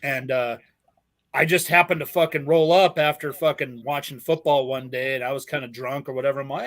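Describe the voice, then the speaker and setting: A man from Southern California hosts a podcast, telling rambling stories thick with profanity and laughing often in a casual chat. His voice is fairly high, fairly quick, bright, and forceful.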